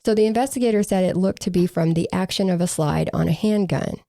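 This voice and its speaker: A woman's voice: lowish voice, fast, vocal fry, warm tone, dry recording. A woman co-hosting a true crime podcast, reading from case reports with dry, sarcastic asides.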